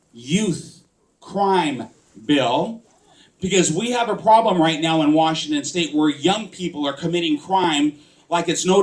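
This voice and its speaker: A man, a political candidate, giving an impassioned campaign speech and firing rhetorical questions at the crowd. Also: on the high side.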